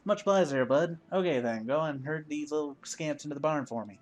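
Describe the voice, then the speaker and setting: A man reading the lines of a friendly, gruff adult male ranch hand in a video game, in a folksy way without a drawl. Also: a little high, brisk, darkish tone, soft background music, close to an everyday voice. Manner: folksy, calls the listener bud.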